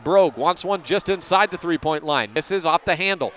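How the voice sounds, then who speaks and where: A man calling a high school girls' basketball game as play-by-play announcer on local radio, brisk, and correcting himself on names now and then. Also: lively intonation, a bit bright, slight background noise.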